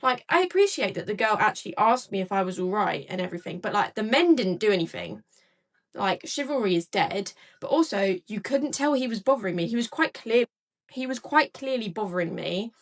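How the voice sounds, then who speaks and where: A woman's voice: medium pitch, big pitch swings, fairly quick. A young woman casually recounting an experience, with lots of filler words. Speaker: storyteller in a clip. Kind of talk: casual storytelling.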